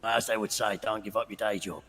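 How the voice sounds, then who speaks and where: Fast, sarcastic British man. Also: on the low side, fairly even intonation, bright, forceful tone, slightly rough, soft background music. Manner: sarcastic, teasing, heavy swearing. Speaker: roleplay character. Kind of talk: casual roleplay banter.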